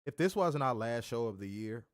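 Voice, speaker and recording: A man's voice: medium pitch, animated, normal speed, no room sound, studio quality. A man reviewing a wrestling show in casual chat, ranting animatedly and swearing often.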